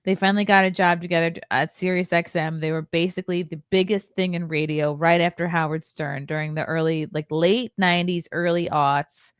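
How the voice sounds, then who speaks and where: A woman's voice: on the low side, steady tone, brisk, hardly any pauses, smooth, no room sound, studio quality. A woman hosting a podcast, chatting casually and mocking the man in a video she is reacting to. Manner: blunt, mocking. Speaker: podcast host.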